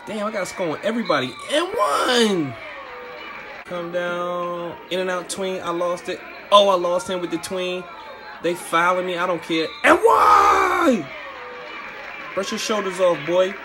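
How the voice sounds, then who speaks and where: A young man talking over his own basketball highlights, boasting and calling each move in quick play-by-play bursts. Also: steady tone, a crowd in the background. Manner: boastful trash talk, quick play-by-play calls. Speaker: basketball player.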